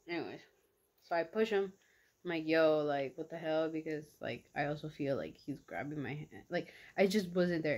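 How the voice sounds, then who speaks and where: A young woman vlogger telling a story casually while eating, chatty and slangy, full of "like" and quoted reactions. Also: deep voice. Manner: chatty, slangy, animated retelling with lots of "like".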